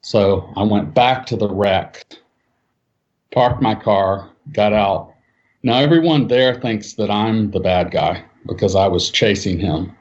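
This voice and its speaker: A man telling a personal eyewitness story in casual speech, acting out what people said with his voice jumping up for the quotes. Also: slow pace. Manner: animated, acts out quotes with raised pitch. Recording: dull lo-fi sound.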